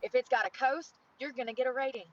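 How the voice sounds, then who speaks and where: Young woman, Southern accent, from North Carolina, excitable, swears a lot, fairly high voice, faint outdoor ambience. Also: fast, highs cut off, slight background noise. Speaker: IRL streamer. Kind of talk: casual outdoor vlog chatter. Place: outdoors on a coast.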